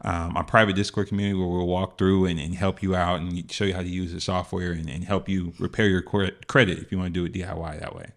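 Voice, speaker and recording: A man's voice: sits low, flat delivery, fast, few pauses, a bit bright. A man co-hosting a business podcast, talking in a laid-back, rambling way with plenty of fillers. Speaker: podcast co-host. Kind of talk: casual business podcast chat.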